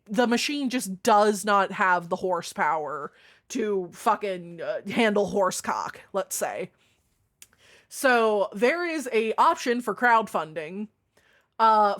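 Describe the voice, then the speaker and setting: A woman streamer chatting casually and reading her chat aloud, frank and playful, swearing freely and jumping up in pitch now and then. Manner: chatty with sudden jumps in pitch and loudness.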